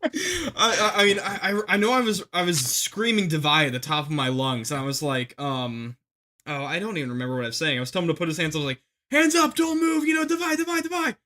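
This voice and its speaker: A young man tells a combat story in a casual podcast chat, with a bright, sharp voice set a little high for a man. He rambles and restarts a lot, then shouts when he acts out the orders he gave. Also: quick pace. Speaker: podcast guest telling a war story.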